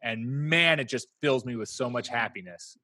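Male podcast co-host, forceful husky voice, dry close mic; animated, joking, rambly. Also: mid-range voice, normal speed, no room sound. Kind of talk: casual chat.

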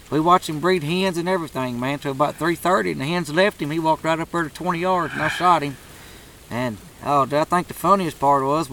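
A man's voice: on the high side, sharp tone, a little hiss or hum, poor audio. Man telling a hunting story. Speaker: turkey hunter telling a story. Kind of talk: casual storytelling.

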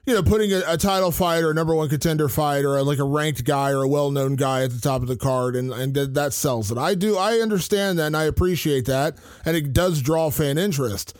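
A man co-hosting a casual podcast chat, talking in an animated way and filling his speech with "like". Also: fairly high pitch, brisk, few pauses, dry recording, studio quality. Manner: chatty, animated, heavy use of "like". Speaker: co-host, reporter.

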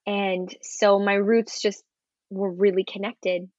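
An earnest young actress tells her story in a casual interview, lively and sincere. The recording is dry with no room sound and slightly muffled. Her voice sits in a middle range for a woman. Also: mid-range voice, slow, dry recording. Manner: earnest, animated storytelling with acted quotes and laughs. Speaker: actress guest.

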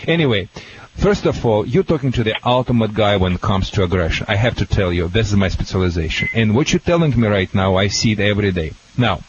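A man with a Russian accent gives dog-training advice to callers on a call-in radio show, talking in a halting, jokey, excitable way. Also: lowish voice. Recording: dull lo-fi radio audio with faint hiss.

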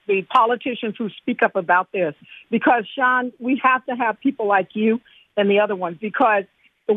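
A woman's voice: medium pitch, no echo. A woman calling in to a radio show, earnestly praising the host. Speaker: radio caller. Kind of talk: phone-in call. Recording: tinny phone line.

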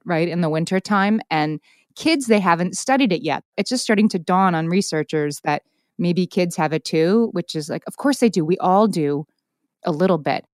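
A middle-aged woman co-hosting a podcast, leading the talk in a brisk, lightly joking way. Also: on the low side, no room sound, studio quality. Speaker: podcast co-host. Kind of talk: casual chat.

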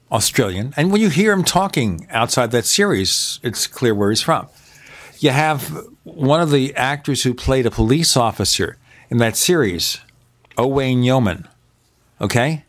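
A man with a medium-pitched, somewhat bright voice hosts a podcast from his home in Arizona. In casual conversation he's talkative and opinionated, stacking up example after example.

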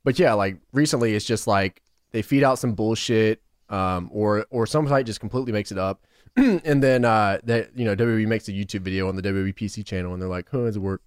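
A man's voice: on the low side, fairly quick, clean tone, no echo, studio quality. A man co-hosting a podcast, talking in loose, profane, laughing banter. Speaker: podcast co-host. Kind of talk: casual podcast chat.

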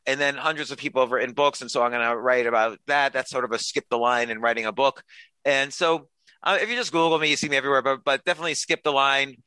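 Bright-voiced man telling quick anecdotes. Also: medium pitch, steady tone, clean tone, no echo, poor audio. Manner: chatty, self-deprecating, fast anecdotes with quoted dialogue. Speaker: podcast guest, author and comedian. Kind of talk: casual storytelling interview.

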